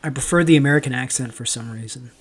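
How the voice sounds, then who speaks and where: A man's voice: mid-range voice, fast talker, slightly rough. A man from Canada hosting a livestream, rambling with lots of ums as he reads viewer chat aloud and answers it. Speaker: livestream host. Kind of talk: casual livestream commentary.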